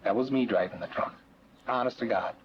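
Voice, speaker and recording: A man's voice: medium pitch, brisk. A man being questioned by police, talking defensively and wryly, sidestepping the questions. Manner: defensive, wry, evasive. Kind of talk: police interview. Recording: dull archival footage with faint noise.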